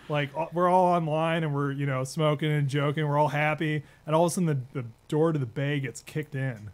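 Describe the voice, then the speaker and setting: A man, an Army veteran, telling rough, profane stories with frequent laughs in casual podcast chat. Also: fairly high pitch, fairly even intonation, a little fast, hardly any pauses.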